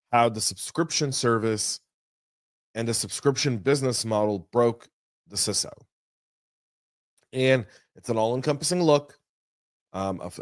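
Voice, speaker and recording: A man runs through the day's news as a podcast host, chatty and energetic with folksy asides. His voice sits at a middle pitch. It is recorded close and dry on a studio mic. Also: dry recording. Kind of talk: casual news commentary.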